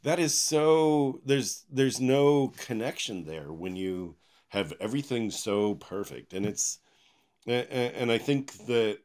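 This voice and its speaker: A man speaking as a guest in a casual podcast interview, telling animated stories with laughs at a desk microphone in his home office. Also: lowish voice, a little slow. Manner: animated storyteller with frequent laughs and quoted voices.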